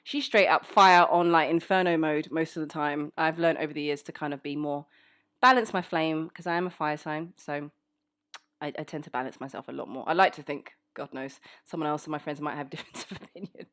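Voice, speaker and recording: A woman's voice: sits low, fairly even intonation, a little fast, a bit bright. A woman with a fairly well-spoken South London accent, chatting frankly and reading out listener questions for a voice actor's Q&A. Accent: South London English, fairly well-spoken. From South London, England. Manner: chatty, frank, many "um"s, reads questions aloud. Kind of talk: casual Q&A chat.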